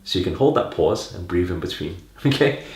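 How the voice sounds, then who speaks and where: A man coaches public speaking straight to the camera, his pitch swooping up and down as he talks. He keeps coaxing his listeners with questions and tags like "right?". His voice rings in an echoey room. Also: animated, brisk. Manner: coaxing, fills talk with rhetorical questions and "right?". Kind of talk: direct-to-camera teaching.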